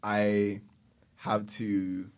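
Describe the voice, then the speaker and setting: A young man with a British accent talks as a guest in a relaxed, easygoing way. He laughs often and pokes fun at himself. His voice sits a little low. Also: very slow, clear, resonant tone. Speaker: guest rapper. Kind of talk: casual chat.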